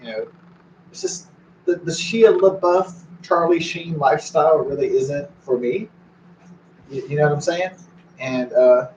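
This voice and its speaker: A man's voice: on the high side, measured pace, darkish tone, a little hiss or hum. A man in his forties rambling casually and profanely, breaking off to talk to his dog. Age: 40s. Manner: meandering, profane, talks to his dog between thoughts. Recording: echoey, distant, dull recording.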